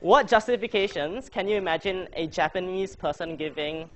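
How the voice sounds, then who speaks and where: A man's voice: high voice, normal speed. A man coaching a debating workshop, chatty and joking as he quizzes his audience. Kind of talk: casual workshop presentation.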